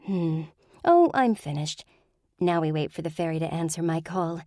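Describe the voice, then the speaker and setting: A woman voicing a prim, serene female witch who speaks in a calm, formal way. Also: low voice, normal speed, no echo, studio quality.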